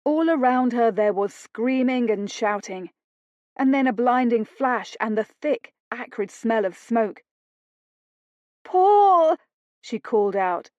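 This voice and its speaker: Slow, deliberate woman audiobook narrator. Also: medium pitch, darkish tone, no room sound.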